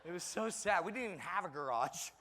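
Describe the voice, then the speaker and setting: A middle-aged man gives a comedic parenting talk to an audience in a large hall, his high-pitched, sharp voice racing along expressively over a little hiss or hum. He mocks himself as he acts out scenes from family life.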